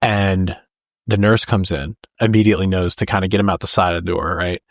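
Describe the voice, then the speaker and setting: Low-voiced guy on a podcast, excitedly recapping a film scene by scene, dry close mic. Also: brisk, creaky, dry recording. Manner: animated retelling with laughs, acts out lines. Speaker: podcast co-host. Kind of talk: casual film discussion.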